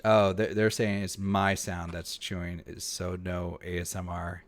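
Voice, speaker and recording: A man with a fairly low voice hosts a casual live-stream chat over a video call. He sounds relaxed, chuckles often and explains things at length. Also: unhurried. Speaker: host.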